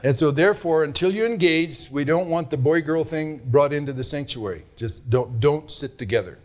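A man preaching a sermon as pastor, earnest and admonishing, leaning hard on his key words. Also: a little high. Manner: earnest, admonishing, drawn-out emphasis.

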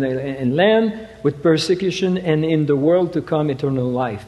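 Halting preacher man in a reverberant hall. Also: a little high, mellow. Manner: halting, repeats words, rises to emphatic quoting. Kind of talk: sermon.

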